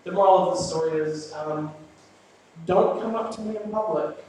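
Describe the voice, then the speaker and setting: A man performing a live stand-up set, rambling through his stories in a deadpan way with plenty of ums. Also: fairly high pitch, moderate pace, noisy background. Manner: deadpan, rambling storytelling with filler words. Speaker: stand-up comedian. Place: small live venue with audience. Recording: rough, echoey room recording from a distance. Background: audience laughter.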